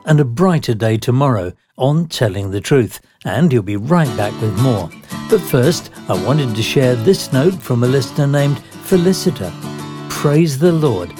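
A male announcer gives a smooth, friendly scripted read for a radio program. His mid-pitched voice sits over a clear bed of guitar music. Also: animated, unhurried.

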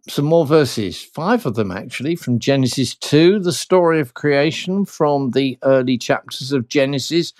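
A man presenting a radio show of hymns and Bible readings, talking in a chatty, musing and gently playful way. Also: mid-range voice, no room sound, studio quality.

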